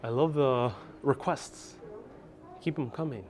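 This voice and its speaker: A man's voice: mid-range voice, takes it slowly, a little mellow. A man giving a chatty live-stream tour from a skyscraper observation deck, reading out viewer comments as he goes. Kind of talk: casual live-stream narration. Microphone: wireless clip-on mic with phone on gimbal.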